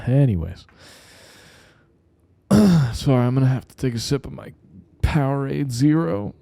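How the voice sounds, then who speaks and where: A man's voice: mid-range voice, lively intonation, unhurried, vocal fry, warm tone. A man in his twenties hosting a casual solo podcast from a room at home, rambling and swearing, with "like" in nearly every sentence. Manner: rambling and profane, heavy on fillers like "like". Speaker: podcast host.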